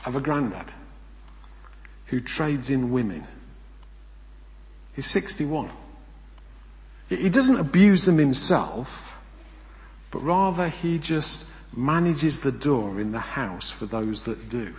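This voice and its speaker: A man preaching a sermon, emphatic, asking rhetorical questions and swinging between loud and hushed delivery. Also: mid-range voice, lively intonation, takes it slowly, pauses often. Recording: long reverb of a large hall.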